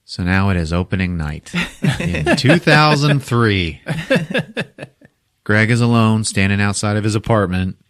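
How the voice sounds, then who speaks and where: A man hosting a podcast, recapping a movie in a casual, animated way and swearing freely. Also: lowish voice, unhurried, dry recording, studio quality. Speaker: podcast host.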